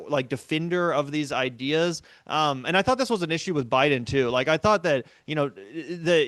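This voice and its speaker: A man's voice: medium pitch, clean tone, no echo. A man talking politics in a casual chat, ranting with lots of swearing. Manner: profane, animated ranting. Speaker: podcast guest.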